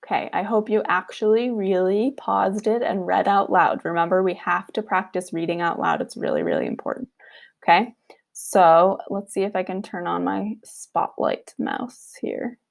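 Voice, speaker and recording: A woman teaching a recorded online lesson, patient and repetitive, sounding out words slowly and checking in with "okay". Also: medium pitch, lively intonation, creaky. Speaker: Arabic teacher.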